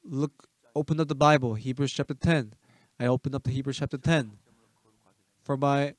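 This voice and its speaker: A man preaching a sermon as pastor, emphatic, firing rhetorical questions at the congregation and swinging between loud urging and soft asides. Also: mid-range voice, moderate pace, no echo.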